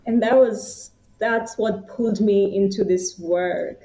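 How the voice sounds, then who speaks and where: A woman's voice: medium pitch, fairly even intonation, slow, dark tone. A young woman from India telling her personal story as an interview guest, reflective and hesitant. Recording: roomy, slightly muffled.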